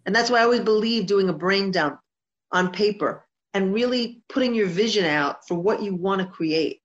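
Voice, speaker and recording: A woman singer-songwriter speaks as a guest in an earnest interview. She is heartfelt and emphatic, circling back to repeat her points. Her voice sits at a middle pitch, and the recording sounds dull and lo-fi. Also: normal speed.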